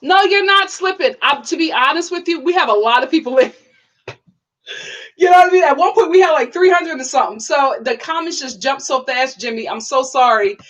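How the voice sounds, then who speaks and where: A young woman hosting a casual livestream, chatty and bubbly, full of "like" fillers and sudden excited high exclamations. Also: brisk, poor audio. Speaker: YouTube reality-TV reviewer reading live chat.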